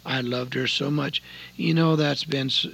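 A man's voice: mid-range voice, fairly even intonation, a little slow, vocal fry, a bit bright, breathy edge, low-quality recording. An older man preaching a folksy radio sermon from his home radio room, pleading with listeners and telling personal stories.

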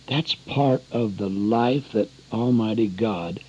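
A man's voice: fairly low pitch, slow, darkish tone, breathy edge. An older man preaching an earnest, folksy radio sermon, often calling his listeners friends. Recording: dull lo-fi radio broadcast.

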